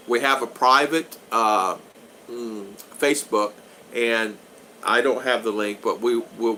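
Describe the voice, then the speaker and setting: A middle-aged man rambles through a casual live stream from home, greeting viewers by name as their comments come in. His voice is bright and forceful. A faint hiss of noise sits under it. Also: on the low side, low-quality recording. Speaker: vlogger hosting a live stream. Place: home in the Philippines.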